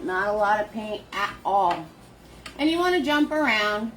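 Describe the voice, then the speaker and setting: A woman leading a live painting lesson, chatty and warm with viewers, greeting them by name in sing-song hellos. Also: mid-range voice, lively intonation, a little slow, faint music behind. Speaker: painting instructor.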